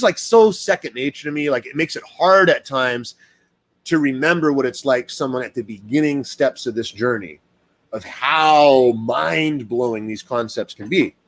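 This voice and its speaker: A man, a dog trainer, talking casually in a rambling monologue full of fillers and acted-out quotes. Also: measured pace. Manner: rambling, lots of fillers, acts out quoted people in higher voice.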